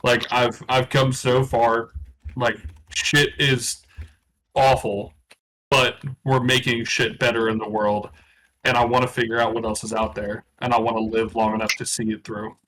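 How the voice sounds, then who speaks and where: A man's voice: mid-range voice, flat delivery, normal speed, fairly bright tone, slight background noise, poor audio. A man playing in a tabletop game, chatting bluntly and swearing heavily. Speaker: player. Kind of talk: casual chat at a tabletop game.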